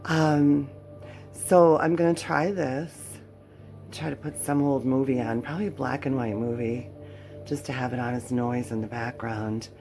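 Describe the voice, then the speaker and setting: An older woman with a very deep, gravelly voice talks slowly and casually to her viewers. She rambles and pokes fun at herself, tired but chatty. Faint music plays behind her in a cluttered home workspace. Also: fairly even intonation, a little mellow. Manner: rambling, chatty, self-mocking. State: worn out. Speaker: channel host. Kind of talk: casual talk to camera.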